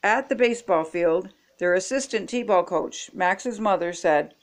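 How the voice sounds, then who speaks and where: Slow, expressive grandmother reading aloud. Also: on the low side. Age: older. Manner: slow, expressive, chatty asides to young viewers. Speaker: storybook reader. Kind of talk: reading picture books aloud.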